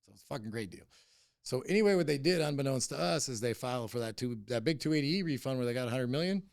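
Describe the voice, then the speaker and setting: Middle-aged man, podcast guest: gravelly, rapid-fire, blunt and profane, telling it heated. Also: mid-range voice, lively intonation, no echo, clean studio sound. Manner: blunt, heavy swearing, heated. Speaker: cannabis company CEO, podcast guest. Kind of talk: casual interview storytelling.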